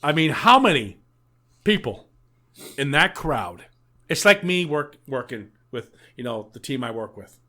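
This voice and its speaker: A man's voice: mid-range voice, very animated, a little slow, bright, forceful tone. Boisterous American man ranting. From United States. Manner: boisterous, swears a lot, mock-exasperated retelling. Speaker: podcast co-host. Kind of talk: casual podcast chat.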